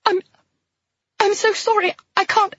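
A woman's voice: very high voice, flat delivery, a little slow, fairly bright tone, no echo, lo-fi sound, pitched above the performer's own voice. A woman voicing a panicked, squeamish young woman who stammers in distress.

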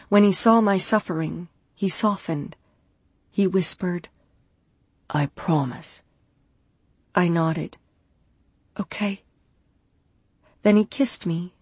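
A woman narrating a first-person romance audiobook in an intimate, measured way. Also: fairly low pitch, breathy edge, no room sound.

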